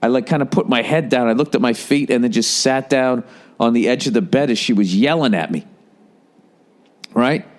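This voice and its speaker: A middle-aged man hosts a podcast, speaking at normal speed with a medium-pitched voice. He tells a rambling, profane story in a casual monologue, throwing in animated impressions while nursing a lingering cough.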